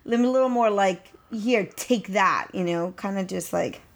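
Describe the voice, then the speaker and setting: A woman's voice: medium pitch, measured pace. A woman co-hosting a casual podcast, easygoing and a little hedging. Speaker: podcast co-host. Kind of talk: casual chat.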